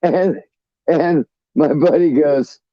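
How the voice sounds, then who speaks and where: A man's voice: fairly high pitch, slow pace, dry recording. A man rambles through a story with plenty of cursing and restarts, taking his time over every sentence. His voice comes through a dull, lo-fi line with no room sound around it. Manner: rambling, profane, restarts often. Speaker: caller. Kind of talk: casual storytelling on a call-in show.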